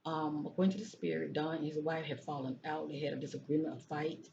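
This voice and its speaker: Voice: medium pitch, little pitch movement, fast talker, creaky. A psychic reader going through tarot cards in a casual talk, often repeating phrases and checking in with "okay?". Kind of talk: casual tarot card reading. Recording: dull lo-fi sound with faint noise.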